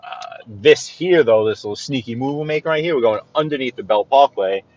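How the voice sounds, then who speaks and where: A driving vlogger narrates a live tour through the city from his car, casual and chatty, rambling with frequent restarts and playful asides. His medium-pitched voice is brisk and a little mellow, and the recording has its highs cut off.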